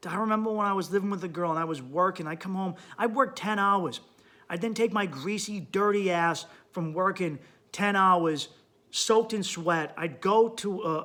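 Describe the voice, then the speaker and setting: A man hosting a podcast and giving blunt, profane relationship advice in an emphatic monologue. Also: high voice. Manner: blunt, emphatic, swears a lot, swings up loud when worked up. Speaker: podcast host and comedian.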